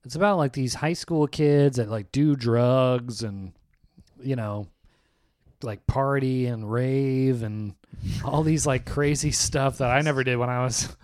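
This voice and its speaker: A man's voice: medium pitch, unhurried, dry recording, clean studio sound. A man co-hosting a casual podcast, telling a rambling anecdote and acting out the people in it. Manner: rambling anecdotes with animated quoted voices. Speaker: podcast co-host. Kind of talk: casual chat, storytelling.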